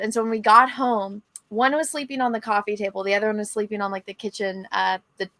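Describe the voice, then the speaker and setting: Bright, lively woman telling a story. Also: medium pitch, fast, hardly any pauses, no room sound. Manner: animated storytelling with excited quoted asides. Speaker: podcast co-host. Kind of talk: casual chat.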